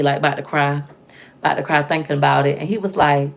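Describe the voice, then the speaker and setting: A woman's voice: low-pitched, steady tone, quick pace. Emphatic woman telling her own story. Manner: emphatic, repeats phrases, acts out quotes of others. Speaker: vlogger. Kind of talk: candid storytelling vlog.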